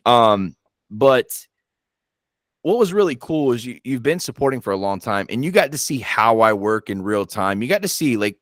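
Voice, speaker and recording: A man hosting a paranormal channel, chatting casually and telling animated stories, swearing and acting out his own reactions. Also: medium pitch, dry recording, studio quality. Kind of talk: casual chat.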